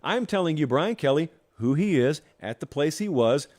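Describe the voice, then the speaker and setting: A man hosting a sports talk show, talking straight to his viewers in an animated, sarcastic monologue. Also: fairly high pitch, moderate pace. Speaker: host.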